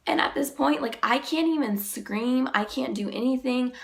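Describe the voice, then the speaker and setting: Young woman vlogging, sick so her voice sits low and gravelly, halting emotional retelling, says like a lot. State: sick, voice deeper than usual. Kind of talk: personal storytelling vlog.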